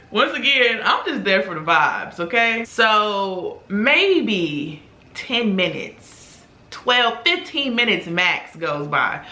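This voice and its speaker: While doing her makeup, a young beauty vlogger tells a story in a casual, chatty way, animated and acting out the voices of the people she quotes. Her voice is medium-pitched and she takes her time, recorded in an echoey room.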